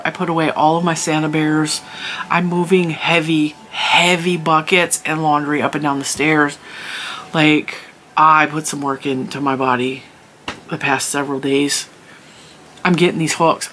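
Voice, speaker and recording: A woman's voice: low voice, a bit bright, a little hiss or hum, rough recording. A middle-aged woman telling a story in a casual, chatty vlog, emphatic, with lots of "like" and laughs. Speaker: crafting channel host.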